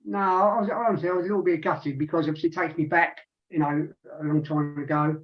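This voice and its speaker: A man's voice: fairly high pitch, steady tone, quick pace. A man in his sixties chatting casually on a radio show, rambling with lots of restarts and asides. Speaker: regular panelist. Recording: dull lo-fi sound.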